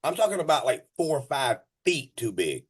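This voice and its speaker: A man's voice: medium pitch, normal speed, breathy edge. A man who runs a moving company tells a story on a casual podcast. He swears freely, stumbles over repeated words and laughs in the middle of it. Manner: animated, profane, laughs mid-story; many restarts and repeated words.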